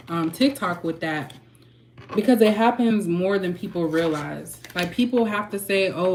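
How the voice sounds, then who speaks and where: A woman tarot reader and channel host, ranting frankly and heatedly to her viewers and clearing her throat often. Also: medium pitch, a little hiss or hum. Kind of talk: candid ranting vlog.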